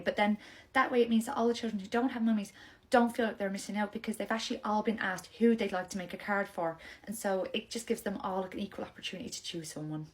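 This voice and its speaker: A young woman, playing a gentle, polite nursery nurse in a comedy sketch. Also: medium pitch.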